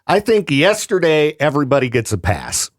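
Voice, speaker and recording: A man's voice: on the high side, very animated, moderate pace. A male radio host chatting casually with a co-host. He laughs often and sounds easygoing and sympathetic. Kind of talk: casual chat.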